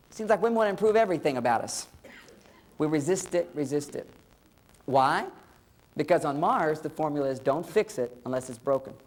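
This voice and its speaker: A man's voice: high voice, darkish tone. Middle-aged male speaker, comic lecture delivery, plays both sides of the dialogue. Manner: playful, acts out dialogue. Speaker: relationship speaker. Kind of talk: humorous lecture.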